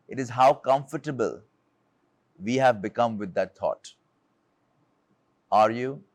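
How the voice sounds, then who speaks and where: A man's voice: medium pitch, no room sound. A man from India, giving an earnest motivational talk as a leadership speaker, telling a personal story and asking rhetorical questions.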